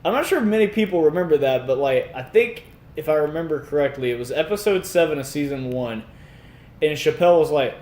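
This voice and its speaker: A man co-hosting a podcast in casual chat, laughing often and breaking into animated voices to quote sketches. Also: fairly high pitch, moderate pace, reverberant. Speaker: podcast co-host.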